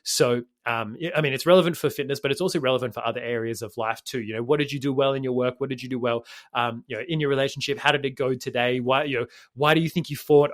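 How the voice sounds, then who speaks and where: A man co-hosting a podcast as a fitness coach, rambling quickly and swearing casually. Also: medium pitch, fairly even intonation, dry recording, clean studio sound. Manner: fast, rambling, swears casually, says mate.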